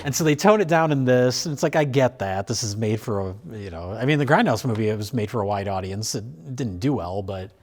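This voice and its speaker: A man's voice: mid-range voice, animated, a little fast, hardly any pauses, darkish tone. A man hosting a film review show, chatting casually with fillers and restarts. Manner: rambling, many fillers and restarts, laughs easily.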